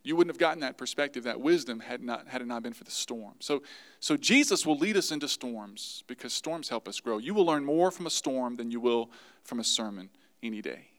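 A man preaching a sermon to his congregation, lively and acting out the voices he quotes. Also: medium pitch, a little fast. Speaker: pastor.

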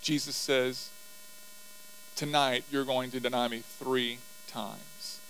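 A man's voice: medium pitch, steady tone, takes it slowly, fairly bright tone, a little hiss or hum, rough recording. A man teaching a Bible passage verse by verse, reading aloud and explaining it in a conversational way. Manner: explanatory, reads verses aloud then comments, occasional chuckles.

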